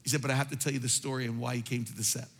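A man's voice: mid-range voice, little pitch movement, very fast. A man preaching a sermon, telling a story with fervent, emphatic delivery. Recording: reverberant hall with faint music.

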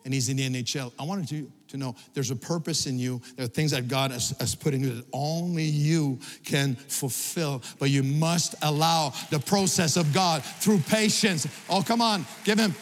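A middle-aged man preaching a sermon, often repeating words and restarting, building to loud emphatic peaks. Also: fairly high pitch, moderate pace, few pauses, a little hiss or hum. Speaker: pastor. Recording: long hall reverb.

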